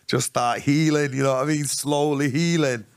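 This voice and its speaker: A man's voice: a little high, normal speed, clear, resonant tone. A man, a podcast guest telling his own story in casual street slang and acting out the voices of others. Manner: animated, acts out the voices of others. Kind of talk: storytelling interview.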